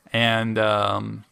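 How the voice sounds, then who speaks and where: A man hosting a podcast, recapping a story in casual, animated, jokey chat. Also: lowish voice, creaky, clear, resonant tone. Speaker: podcast host.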